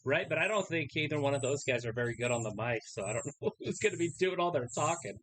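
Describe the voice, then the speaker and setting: Woman co-host cracking jokes on a live stream, pitch all over the place. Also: fast, no room sound, low-quality recording. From Idaho, USA. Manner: lively, joking commentary with frequent laughs. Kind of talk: casual live watch-along chat.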